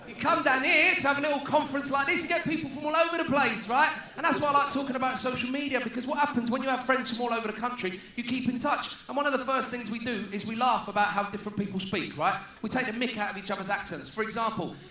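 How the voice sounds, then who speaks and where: A man's voice: very high-pitched, fast, hardly any pauses, sharp tone, echoey room. A man from Luton with a southeast English accent doing a cheeky, playful stand-up set and calling out to the crowd. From Luton, England. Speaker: stand-up comedian. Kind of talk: stand-up routine. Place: large stadium conference venue.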